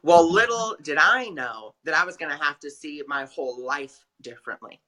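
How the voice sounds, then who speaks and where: A man speaking as an interview guest, his voice bright and forceful. He tells his story in a loose, conversational way, leaning on "you know" and slipping into other people's voices as he goes. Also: a little high, moderate pace. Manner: animated, acts out dialogue in other voices; chatty, many "you know" fillers. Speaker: guest, forgiveness guide.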